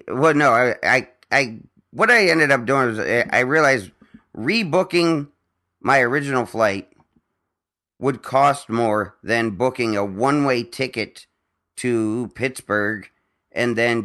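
Man, podcast host, casual chat, rambling, restarts, swearing, bright tone. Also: mid-range voice. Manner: rambling storyteller with many restarts, profane.

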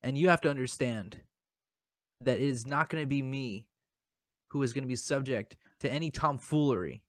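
A man's voice: medium pitch, normal speed, no echo, studio quality. A man hosting a comedy podcast, talking in a mock-dramatic, self-pitying way and often stammering over his words. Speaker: podcast host.

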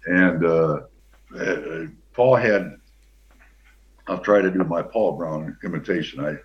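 An older man, a former pro football player, telling a long anecdote as an interview guest in a relaxed, rambling way with many fillers. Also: sits low, slow pace. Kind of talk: anecdotal storytelling. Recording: dull lo-fi sound.

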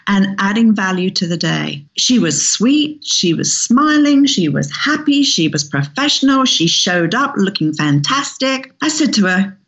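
A woman, a hairstylist guest in an interview, telling anecdotes in an energetic, emphatic way and repeating words for stress. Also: medium pitch, unhurried, few pauses. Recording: slightly muffled lo-fi audio.

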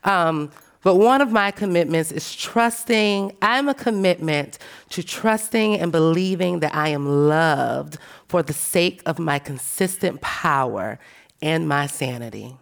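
A woman speaking on a panel, telling animated, emphatic stories in a frank, profane way and calling her listeners "baby". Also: sits low, unhurried, creaky. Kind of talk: panel discussion talk.

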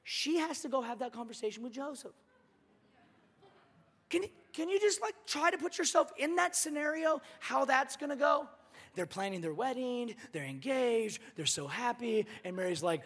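A male pastor delivers a sermon in a lively, conversational, joking manner. His very high, bright voice carries through a hall with a long reverb. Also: moderate pace.

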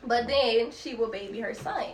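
Woman guest, fairly high voice, measured and hedging, a little distant in an echoey room. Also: a little hiss or hum. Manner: measured, hedges her opinions. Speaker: podcast guest. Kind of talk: casual group discussion.

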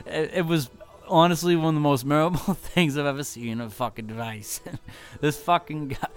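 A touring musician rambling through a casual tour recap, loose and profane with constant fillers. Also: male voice, fairly high pitch, fairly even intonation, normal speed, pauses often, soft background music.

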